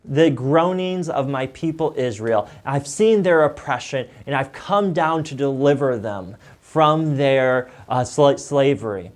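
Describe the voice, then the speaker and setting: A man voicing God speaking to Moses in a Bible lesson, with slow, weighty declarations. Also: mid-range voice, expressive, natural voice. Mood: solemn.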